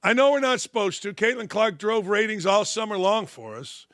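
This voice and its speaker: A man's voice: high voice, big pitch swings, moderate pace, a bit bright, dry recording, clean studio sound. A man, hosting a sports talk show in a blunt, sarcastic, heated monologue. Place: studio.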